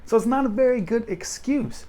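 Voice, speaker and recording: A man's voice: extremely high pitch, lively intonation, normal speed, mellow. A young man vlogging straight to camera, blunt and self-deprecating in a casual rant. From United States.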